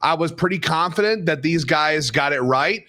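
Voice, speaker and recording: A man's voice: a little high, normal speed, sharp tone. A man co-hosting a political podcast, telling long emphatic stories in an opinionated, rambling way. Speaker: podcast co-host.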